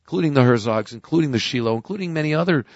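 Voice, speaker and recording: A man's voice: a little high, expressive, rapid-fire, a little mellow, no echo, dull audio. A man hosting a casual wine talk show, explaining wines in a talkative way and often repeating his words. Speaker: host, wine expert. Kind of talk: casual chat.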